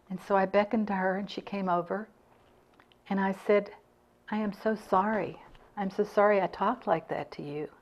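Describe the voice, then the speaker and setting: At a club talk, an older woman shares her own stories with earnest sincerity, voicing what others said as she goes. She speaks at a medium pitch and a moderate pace.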